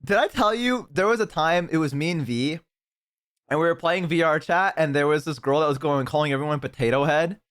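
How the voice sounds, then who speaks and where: A man's voice: a little high, brisk, smooth. A young man streaming live, chatting casually with a guest and his chat, telling stories with acted-out voices. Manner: animated storyteller, mimics voices.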